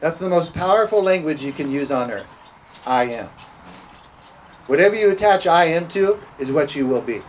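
A male pastor preaching with emphasis, stretching out key scripture words and pausing for the congregation to answer. His voice sits a bit high for a man. The recording is dull and lo-fi with a faint room hum behind him. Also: expressive. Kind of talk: sermon with communion prayer.

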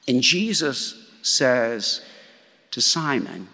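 Gravelly pastor guy giving a chatty sermon, keeps saying right?, long echo in a big hall. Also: medium pitch, animated, a little slow, long pauses, a bit bright. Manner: conversational, with frequent "right?" tags.

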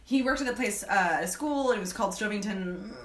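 A woman co-hosting a podcast talks animatedly and often breaks into quick acted-out lines. Her voice sits at a middle pitch. The recording is roomy and echoey. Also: a little hiss or hum. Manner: animated, laughing, acts out characters' lines. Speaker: podcast co-host. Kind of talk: casual book and movie discussion.

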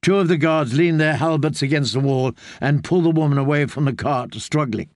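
A man narrating an audiobook in a measured, steady reading voice. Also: on the high side, no room sound, clean studio sound.

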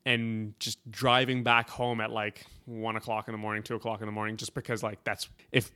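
A man's voice: lowish voice, level tone, a little fast, bright, forceful tone, smooth. A man co-hosting a casual music chat, talking in a loose, rambling way with many fillers. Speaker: podcast co-host.

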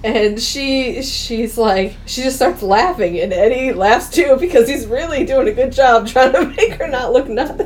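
A woman's voice: a little high, measured pace, few pauses, a little mellow, slight background noise. A woman co-hosting a podcast, casually retelling a film's plot and acting out the characters' lines with laughter. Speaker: podcast co-host. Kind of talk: casual movie recap chat.

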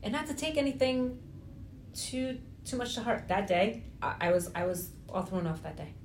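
A woman's voice: mid-range voice, normal speed, slight background noise. A woman co-hosting a podcast as a salon owner, telling stories in casual chat and laughing often. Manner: laughs often, lively storytelling.

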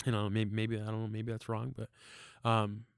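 A young man giving a casual church testimony about his wife and sons, earnest and halting, with many fillers and restarts. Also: on the low side, completely flat delivery, gravelly, clear, resonant tone, no echo, clean studio sound. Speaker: church member sharing testimony.

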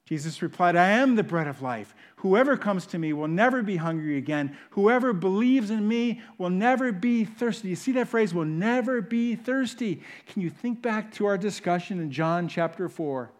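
A man preaching a sermon, swinging between loud emphatic bursts and hushed, intimate asides. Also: sits high, moderate pace, few pauses. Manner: animated, rises loud for emphasis then drops to hushed. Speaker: pastor. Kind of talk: sermon teaching.

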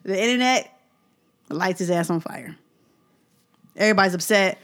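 A woman's voice: mid-range voice, normal speed, fairly bright tone. Woman host, wry storyteller, mid-range voice. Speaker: podcast host. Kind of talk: casual chat.

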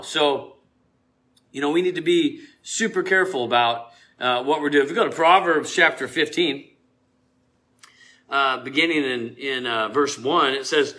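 Bright-voiced man preaching conversationally. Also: a little high. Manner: conversational, chatty, rising to loud emphasis when quoting scripture; laughs often and uses many fillers and restarts. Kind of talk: informal sermon.

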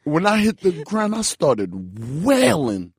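A man in his twenties telling a story in loose casual chat, animated and full of "bro" and "like". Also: high-pitched, unhurried, husky, dry recording, clean studio sound. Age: 20s. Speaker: podcast guest.

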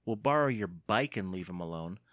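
A man's voice: sits low, lively intonation, fairly quick, fairly bright tone, dry recording, studio quality. Guy doing big mean bully twins, sneery and mocking, storybook reading.

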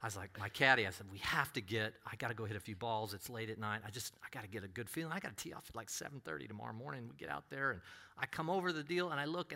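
A middle-aged man preaching, who tells a personal story with animated delivery and acts out other voices. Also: mid-range voice, gravelly. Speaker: pastor.

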